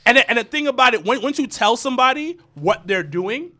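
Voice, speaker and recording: A man in his thirties telling a story in casual podcast chat, animated and profane, with stammering restarts. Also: extremely high pitch, a little fast. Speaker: podcast co-host.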